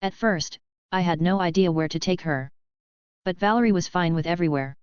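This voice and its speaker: A woman reads a web novel aloud at an even, steady pace. Her voice is exceptionally smooth and clear, sitting a little low. The recording is dry and slightly dull, with no room sound. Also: brisk, no room sound. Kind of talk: audiobook narration of a web novel.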